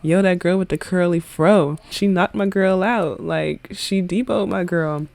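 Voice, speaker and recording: A woman's voice: lowish voice, unhurried, creaky, darkish tone, dry recording. A woman voicing a flustered, slangy male photographer at a school dance in a life-sim game. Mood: panicky.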